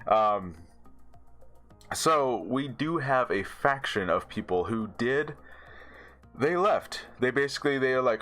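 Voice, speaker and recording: A man's voice: lowish voice, measured pace, fairly bright tone, faint music behind. A man casually reviewing a TV episode, rambling with many fillers and restarts and laughing often. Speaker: show reviewer.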